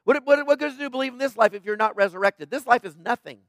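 A pastor with a very high voice preaches a conversational sermon in rapid-fire fashion, emphatic and plainspoken. He keeps checking in with listeners by tagging his points with "right?", and his slightly bright voice has no echo.

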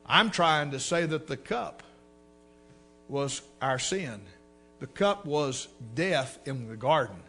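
A man preaching a sermon with fervor, his voice climbing into shouts. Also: a little high, expressive, slow, faint music behind. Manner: fervent, rising to shouts.

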